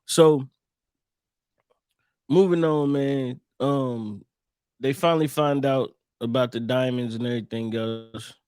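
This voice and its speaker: A man's voice: medium pitch, steady tone, slow pace, long pauses, a little mellow, smooth, no room sound. A man co-hosting a podcast in loose, casual chat about a comedy film. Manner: laid-back, peppers talk with "bro". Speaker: podcast co-host. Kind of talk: casual movie-recap chat.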